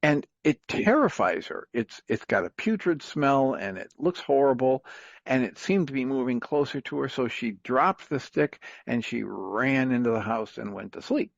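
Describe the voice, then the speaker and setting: A man's voice: medium pitch, animated, normal speed, vocal fry, dry recording. A man casually telling a long story on a talk radio show, rambling with many fillers and chuckles. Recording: dry, dull lo-fi radio sound.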